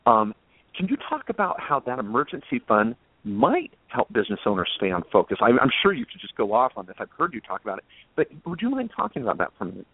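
A man hosts a panel chat with an effusive, eager manner, stumbling and repeating himself as he goes. His voice sits at an ordinary pitch and comes through a narrow, phone-like band. The sound is dry, with no room around it. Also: wildly swooping pitch, fast talker, husky, no echo. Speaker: host. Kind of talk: casual talk show chat. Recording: tinny phone-like line, dry.

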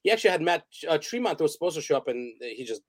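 Chatty, animated man telling stories. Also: fairly high pitch, racing, no echo. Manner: animated, rambling storyteller; emotional, acts out quotes. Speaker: guest photographer and director. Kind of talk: casual podcast interview.

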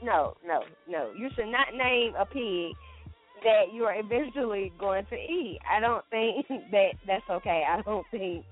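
A woman co-hosting a casual morning radio chat, skeptical and quick to object. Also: mid-range voice. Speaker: co-host. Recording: tinny phone-like audio with faint music.

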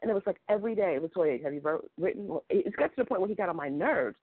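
Woman author as a talk-show guest. Animated storyteller. Phone-line sound. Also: fairly low pitch, fast talker, breathy edge, dry recording. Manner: animated storyteller, acts out quoted dialogue. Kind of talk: casual chat.

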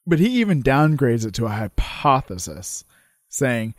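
A male podcast co-host chatting casually with a lively, animated pitch. He adds quick jokey asides, recorded dry and close with no room sound. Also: no room sound. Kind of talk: casual chat.

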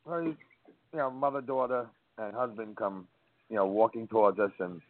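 A man's voice: fairly low pitch, fairly even intonation, moderate pace. A man guest who organizes food festivals, telling a long story in casual chat and swearing now and then. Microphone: phone call. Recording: phone-line audio.

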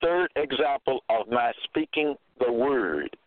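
Man, slow deliberate sermon, scripture citations, tinny phone-like audio, dry sound. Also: medium pitch, lively intonation, no room sound. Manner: deliberate, cites verses, repeats "okay?". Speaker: self-styled religious teacher.

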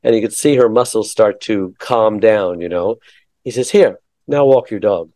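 Mellow-voiced man hosting a chatty interview. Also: lowish voice, normal speed, no echo. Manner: chatty storyteller, hesitant fillers. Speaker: interview host. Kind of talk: casual interview conversation.

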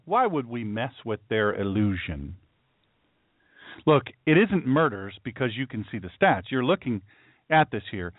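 Fired-up talk radio host, tinny line. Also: male voice, medium pitch, no echo. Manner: heated, repetitive, rhetorical questioning. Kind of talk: political commentary monologue.

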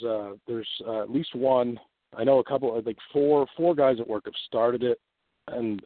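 Man guest, low voice, rambling phone chat, tinny dry line. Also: dry recording. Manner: rambling, many restarts and laughs.

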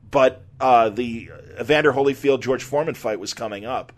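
Middle-aged guy hosting a podcast, animated storytelling, acts out the quotes. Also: mid-range voice, normal speed. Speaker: podcast host and former sports reporter. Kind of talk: casual anecdotal storytelling.

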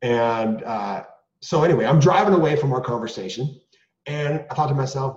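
A middle-aged man, a guest, telling his own story in an earnest and animated way, full of restarts and rhetorical questions. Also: medium pitch, moderate pace. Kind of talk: candid storytelling. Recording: roomy, dull lo-fi sound.

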